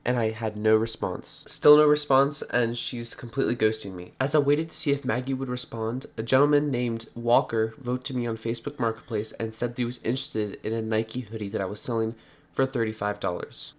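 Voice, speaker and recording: A man's voice: mid-range voice, steady tone, brisk. A young man narrating his own vlog in an earnest, matter-of-fact way, recapping his month. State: out of breath. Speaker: vlogger. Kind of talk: vlog narration mixed with on-location clips.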